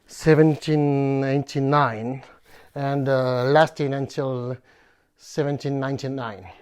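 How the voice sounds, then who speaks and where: A man from France with a French accent, hosting a bonsai video in a playful, halting way with many fillers. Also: mid-range voice, steady tone, darkish tone, smooth. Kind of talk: casual presentation.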